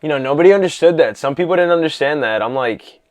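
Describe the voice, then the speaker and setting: A man casually talking through a film he loved, excited and rambling, full of "you know" and "like". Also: a little high, quick pace. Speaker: vlogger reviewing a film. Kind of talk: casual movie talk.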